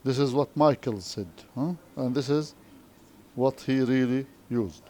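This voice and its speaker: A man with an Arabic accent teaching an English lesson, speaking slowly and checking understanding with repeated questions. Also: medium pitch, warm tone. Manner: slow, repetitive, frequent questioning tags. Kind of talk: classroom lesson explanation.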